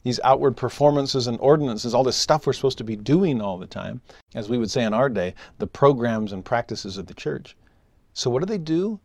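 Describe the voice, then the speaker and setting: A man teaching a scripture lesson in a dry, close recording. He is emphatic, dropping into soft asides and then lifting into raised exclamations. His voice sits at an ordinary middle pitch. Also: expressive, fairly quick, creaky, dry recording.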